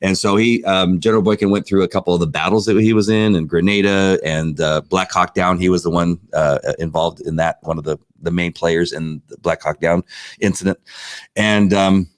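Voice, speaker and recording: A man with a low-pitched voice chats casually as a podcast co-host. He tells stories with frequent "uh"s and "like"s, and his voice sounds dry and close with no room echo. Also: moderate pace. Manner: animated storyteller with frequent fillers. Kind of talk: casual chat.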